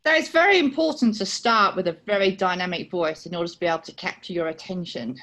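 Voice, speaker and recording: Soft-spoken British woman with an Aussie twang. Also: fairly low pitch, fast talker. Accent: British with a slight Australian twang. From United Kingdom. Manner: soft-spoken, conversational and self-deprecating. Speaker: table topics speaker. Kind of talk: personal storytelling.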